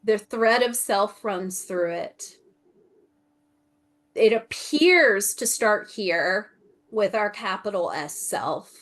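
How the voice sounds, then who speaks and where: A woman's voice: medium pitch, lively intonation, slow, fairly bright tone. A woman channeling on a video call, searching for words and laughing often, with phrases that repeat and trail off to a whisper. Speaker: Akashic Records channeler. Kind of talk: channeling in a group video meeting.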